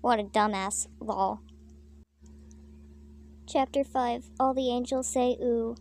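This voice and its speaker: A woman reading her own comic fanfiction aloud, deadpan with crude, swearing asides. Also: a little high, slow. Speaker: fanfiction reader.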